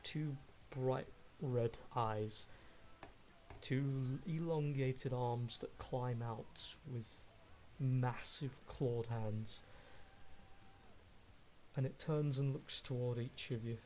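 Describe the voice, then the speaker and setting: A man narrating a tabletop game as game master, describing the action in slow, measured, vivid detail. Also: mid-range voice, fairly even intonation, darkish tone, a little hiss or hum.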